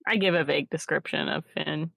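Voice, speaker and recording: A woman's voice: deep voice, fairly even intonation, a little fast, creaky, a bit bright, no room sound. A woman playing a tabletop role-playing game, talking hesitantly and thinking aloud. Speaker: player. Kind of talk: tabletop role-play, casual chat.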